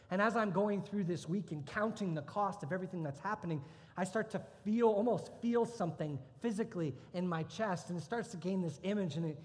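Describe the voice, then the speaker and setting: Earnest male pastor in a reverberant church. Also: sits high. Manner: earnest, emotional storytelling, rising to intense outbursts. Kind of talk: sermon with personal testimony. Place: church sanctuary.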